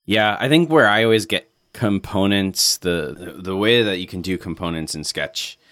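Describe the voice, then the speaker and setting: A man's voice: low-pitched, moderate pace, a bit bright, dry recording. A man designer talking casually with dry humor. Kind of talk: casual chat.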